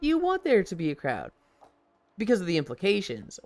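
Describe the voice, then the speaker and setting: A man streaming live and chatting casually, telling stories in a profane, animated way and acting out the voices he quotes. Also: high voice, moderate pace, no echo.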